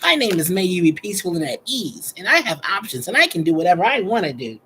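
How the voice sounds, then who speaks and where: A man's voice: high voice, sing-song, fast, sharp tone, slight background noise, voice pushed up, full character voice. A man mimicking a sassy, self-assured young woman who is juggling two suitors.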